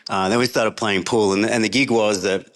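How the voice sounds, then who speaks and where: A relaxed, middle-aged Australian man tells a long, casual anecdote as a podcast guest. His voice is on the low side, his pace moderate, and he laughs often as the story wanders.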